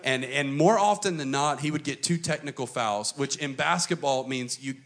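A man preaching a sermon to a church congregation, emphatic and dramatic, switching between quick runs and slow, stressed phrases. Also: mid-range voice, a bit bright. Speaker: pastor.

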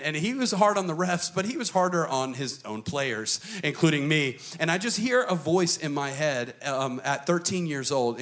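A man preaching a sermon to a church congregation, emphatic and dramatic, switching between quick runs and slow, stressed phrases. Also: a little high, a bit bright. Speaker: pastor.

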